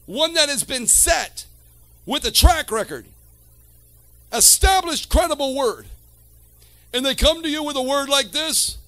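High-voiced man preaching a sermon. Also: expressive, unhurried, long pauses, no room sound, soft background music. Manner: preaching with swings from quiet to shouted; calls to the congregation.

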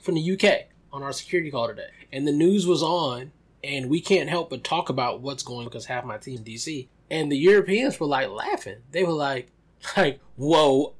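Man, slightly high voice, blunt, sarcastic, casual swearing. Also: a little fast. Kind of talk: casual profane group chat.

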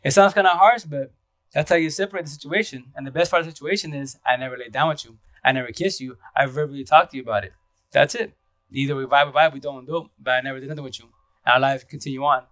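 A man hosting a casual live stream, talking fast and rambling, with restarts and repeated words. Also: mid-range voice, a bit bright, dry recording. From Seattle area. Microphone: phone.

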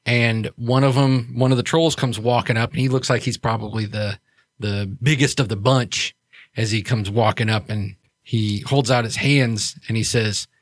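A man's voice: mid-range voice, fairly even intonation, normal speed, dry recording, studio quality. A man running a tabletop game as game master, narrating in a casual way with frequent fillers. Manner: casual, many fillers and restarts.

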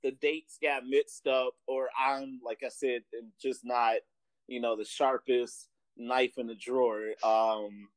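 A man's voice: medium pitch, slow pace, dry recording. A man co-hosting a casual podcast, telling a story with lots of laughter. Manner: animated storytelling, laughs often, does voices in anecdotes. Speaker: podcast co-host.

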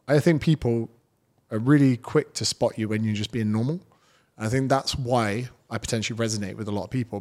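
A man's voice: mid-range voice, darkish tone. A British man, a fitness trainer, telling stories as a guest in a casual podcast interview, blunt and swearing freely.

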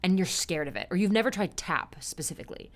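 Young woman, casual solo podcast host, lower-pitched, rambling and self-deprecating. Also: quick pace. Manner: chatty and upbeat, loses her train of thought, self-deprecating. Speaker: podcast host and stage performer.

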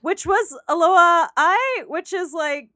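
A woman in casual chat about a movie, animated, swearing and acting out quotes. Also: very high-pitched, unhurried, no echo, clean studio sound.

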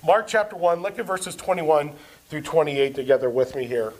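High-voiced pastor preaching to a congregation. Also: male voice, expressive, normal speed, darkish tone, rough recording. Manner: asks the congregation questions and answers them; reads scripture aloud with rising emphasis. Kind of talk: sermon. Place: church service.

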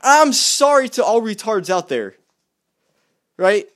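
High, animated man ranting heatedly. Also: slow pace. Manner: exasperated, repeats himself, stumbles and restarts. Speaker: vlogger.

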